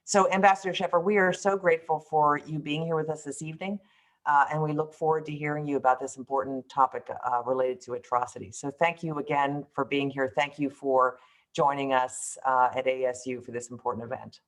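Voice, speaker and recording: At a mid pitch, an event host reads a formal speaker introduction aloud. The reading stumbles often, with ums and restarts that correct dates and titles along the way. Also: fairly even intonation, a little fast, rough recording. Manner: reads with frequent fillers and self-corrections.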